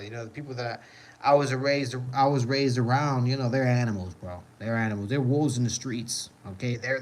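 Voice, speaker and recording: A man's voice: medium pitch, fairly bright tone, poor audio. A man hosting a casual livestream, reading chat comments and answering in a rambling way, often repeating "you know what I mean".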